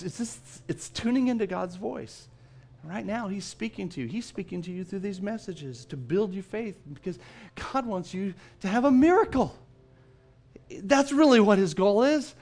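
A male pastor giving a sermon, telling a story in a lively way and often repeating his first words. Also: sits high. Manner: storytelling, animated, repeats words when starting.

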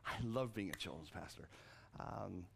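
A middle-aged man preaching a sermon as pastor, animated and loose, restarting and repeating words and acting out the quotes he reads. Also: moderate pace, gravelly, breathy edge. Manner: animated, acts out quotes with jumps in pitch.

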